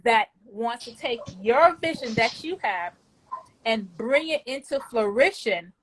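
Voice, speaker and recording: A woman's voice: fairly high pitch, slow, slight background noise. A woman giving an emotional, effusive client testimonial, often repeating words when moved. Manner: effusive, animated, faith-filled.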